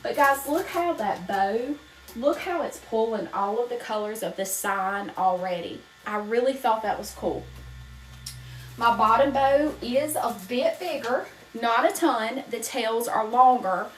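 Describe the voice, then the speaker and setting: A woman's voice: a little high, expressive, unhurried, a little hiss or hum, low-quality recording. A woman from North Carolina with a Southern accent, chatting casually while teaching wreath making on a live stream and greeting viewers by name. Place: home craft room.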